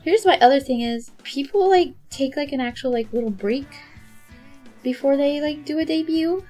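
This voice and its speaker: A woman's voice: high voice, normal speed, dark tone, soft background music. A woman streamer chatting casually with her viewers while she works, rambling with many fillers and little laughs. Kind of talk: casual chat with chat while drawing.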